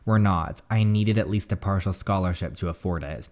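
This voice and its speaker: A driven, proud teenage schoolgirl from a story game, read by a man in his own lowish voice. The reading is plain and steady, with little put-on character. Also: moderate pace, lightly acted. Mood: earnest. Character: ambitious teenage girl student, proud.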